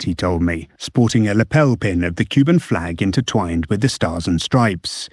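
A man reading a scripted radio news report as a correspondent, measured and steady. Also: low-pitched, slightly rough, dry recording, studio quality.

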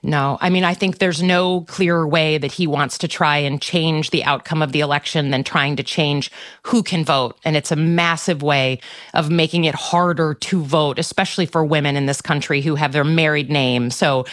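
A middle-aged woman senator answering interview questions in a measured, firm way. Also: deep voice, fairly even intonation. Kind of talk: political interview.

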